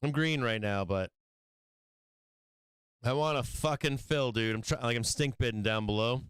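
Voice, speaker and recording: A man's voice: mid-range voice, normal speed, smooth, no room sound. A man hosting a stock trading live stream, talking casually, swearing and venting frustration about his trades.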